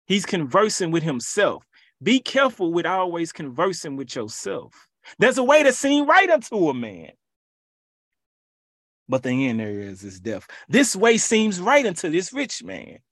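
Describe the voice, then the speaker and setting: Emphatic preacher man, lively pitch. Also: a little slow, no echo. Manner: emphatic, repetitive preaching with rhetorical questions. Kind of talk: sermon.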